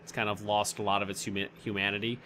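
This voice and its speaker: Male game master, bright tone, meandering delivery, faint room hum. Mid pitch. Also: little pitch movement, fast talker. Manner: rambling, restarts often, searches for words. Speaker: dungeon master. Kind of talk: narrating a tabletop game.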